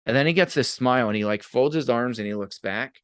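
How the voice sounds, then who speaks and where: A man speaks as a podcast guest, telling a story in a relaxed, conversational way. He slips into the voices of the people he quotes. His mid-range voice is recorded close, with a dry sound. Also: mid-range voice, fast, clean tone, dry recording. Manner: animated, acts out quoted voices. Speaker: podcast guest, abuse advocate.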